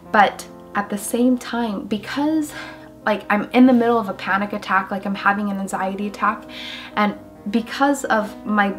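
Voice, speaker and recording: A young woman vlogging as a mother, telling a personal story in an emotional, halting way with many fillers. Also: medium pitch. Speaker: mom vlogger.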